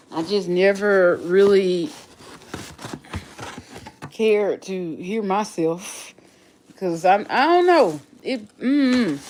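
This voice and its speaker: A woman's voice: medium pitch, a little mellow, a little hiss or hum. A woman with a regional accent chatting casually on a livestream, reflective and often repeating and restarting her phrases. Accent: non-local regional accent. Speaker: livestream host.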